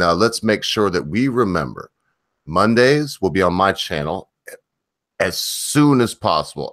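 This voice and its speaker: A man's voice: sits low, fairly bright tone, no echo, clean studio sound. A man co-hosting a casual livestream chat, rambling with many fillers and restarts. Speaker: livestream co-host.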